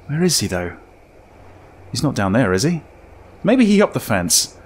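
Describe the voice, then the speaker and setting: Over game music, a man provides let's-play commentary on a horror game, talking to himself, getting startled, and laughing nervously. His medium-pitched voice is sing-song and slightly rough, at a normal speed.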